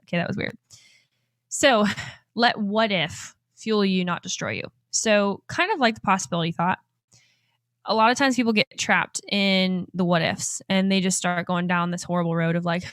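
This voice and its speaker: A woman's voice: medium pitch, moderate pace, no echo. Upbeat young woman podcaster, dry close sound. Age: 20s. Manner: upbeat, animated, laughs often. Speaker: podcast host and life coach. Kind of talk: motivational podcast monologue.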